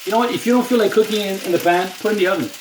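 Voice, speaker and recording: A chatty man talks to the camera as he cooks, his fairly high voice a little way off the mic. The kitchen sounds roomy and echoey, with a pan sizzling loudly behind him. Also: racing, recorded from a distance, noisy background. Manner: chatty, talks to the viewer with lots of "you know". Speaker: home cook vlogger. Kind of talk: casual cooking video talk. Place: home kitchen. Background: food sizzling in a pan.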